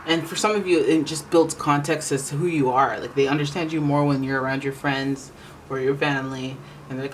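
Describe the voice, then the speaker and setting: Rambling tarot reader, casual chat, middle pitch, faint hiss behind. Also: fairly even intonation, brisk, low-quality recording. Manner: rambling, chatty, self-correcting. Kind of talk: casual tarot reading monologue.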